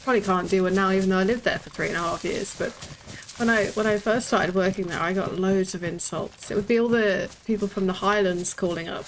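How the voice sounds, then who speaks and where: A woman's voice: mid-range voice, a little fast, slight background noise. A British woman in her thirties, chatting casually while streaming a game, swearing freely and laughing often. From Britain. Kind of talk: casual gaming stream chat.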